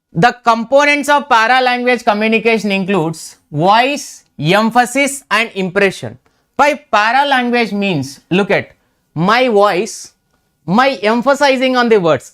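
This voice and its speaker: A man's voice: extremely high pitch, lively intonation, moderate pace, fairly bright tone. A man teaching an exam revision lecture in Indian English, repeating key terms and checking in with "right?".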